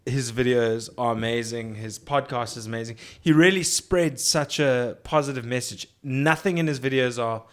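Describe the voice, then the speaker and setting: A man's voice: medium pitch, moderate pace, hardly any pauses. A man hosting a podcast, chatting in a loose, rambling way and swearing casually. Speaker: podcast host. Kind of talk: casual chat.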